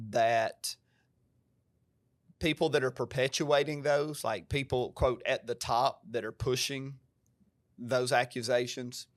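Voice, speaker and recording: A man's voice: mid-range voice, no room sound, clean studio sound. A male pastor with an American country twang, talking earnestly and emphatically on a podcast in a preacher-like way. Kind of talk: podcast conversation.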